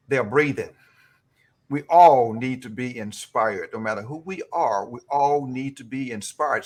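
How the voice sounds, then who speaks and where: A man's voice: mid-range voice, a bit bright. A man hosting a leadership talk show, effusive and full of repeated praise and exclamations. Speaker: host. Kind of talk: motivational interview hosting.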